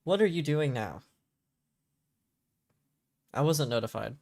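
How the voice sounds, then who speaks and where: A man's voice: fairly high pitch, expressive, slow pace, vocal fry, darkish tone, no room sound. A man streaming a building game, trading dry jokes in casual banter with friends. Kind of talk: casual gaming chat.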